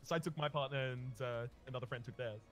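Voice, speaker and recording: A man hosting a casual gaming chat, telling stories in an animated, rambling way. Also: medium pitch, fast talker, faint music behind. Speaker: host.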